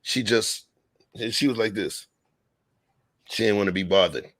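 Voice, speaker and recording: Man, gravelly voice, dry close mic, emphatic slangy commentary, casual chat. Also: lowish voice, a little slow, a bit bright, dry recording. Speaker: podcast co-host.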